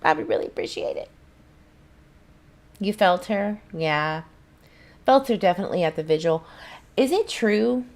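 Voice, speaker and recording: A woman's voice: lowish voice, big pitch swings, normal speed, pauses often, darkish tone. A woman, hosting a casual livestream and chatting back to viewers' comments in a rambling way. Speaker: channel host.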